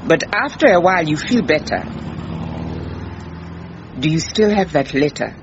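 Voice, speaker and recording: Calm firm detective. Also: female voice, low-pitched, a little slow, full character voice. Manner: patient, firm, polite. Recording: muffled with faint hiss.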